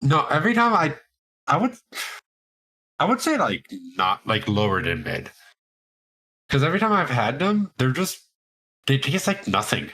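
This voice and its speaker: Lively husky male podcast co-host. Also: medium pitch, moderate pace, long pauses. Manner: animated, swears freely. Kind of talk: casual chat.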